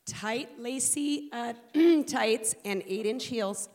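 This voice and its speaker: A woman's voice: a little high, takes it slowly, background noise. A middle-aged woman and mother telling a humorous personal story to an audience, with a playful, punchy delivery.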